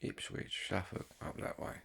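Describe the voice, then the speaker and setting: A man's voice: moderate pace, a bit bright. A man, chatting casually to viewers in a rambling way, full of ums and swearing. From Kent, England. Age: 50s. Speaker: vlogger.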